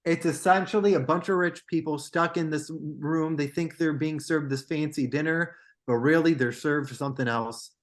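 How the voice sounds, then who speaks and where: A young man co-hosting a casual movie podcast, excitable and quick to jump between topics. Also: fairly high pitch. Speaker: podcast co-host. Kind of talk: casual chat about movies.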